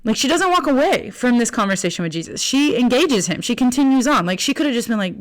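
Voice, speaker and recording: A woman's voice: fairly high pitch, very animated, a little fast. A young woman teaching a Bible lesson in a casual, chatty way, with many fillers as she retells the story.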